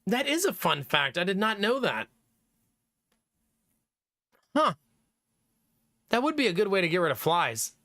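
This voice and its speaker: A man streaming live, chatting casually with his viewers, animated and laughing often, with some swearing. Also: high voice, unhurried, pauses often, dry recording, studio quality.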